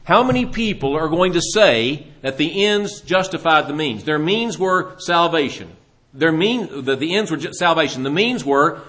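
A man's voice: on the high side, animated, normal speed, a bit bright. Man preaching with dramatic retellings. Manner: dramatic retelling of scripture, acting out voices. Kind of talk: sermon.

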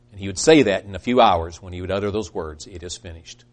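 A man preaching a sermon, earnest, rising to emphatic peaks and then trailing off quietly, acting out quoted voices as he goes. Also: low-pitched, fast, few pauses.

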